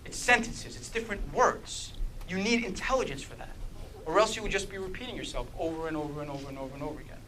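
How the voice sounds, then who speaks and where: High-voiced, bright man quizzing a group. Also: fast, a little hiss or hum, poor audio. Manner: quizzes the audience with frequent "okay?"; lively and animated, with a playful humor. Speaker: speaker leading a church group talk. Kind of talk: interactive apologetics talk.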